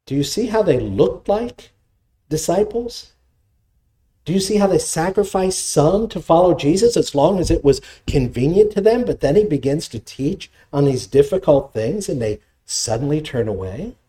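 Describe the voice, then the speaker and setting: A man preaching a sermon, with animated delivery and scripture quotations. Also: moderate pace. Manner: animated preaching, dramatic pitch swings, reads scripture quotes. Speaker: pastor.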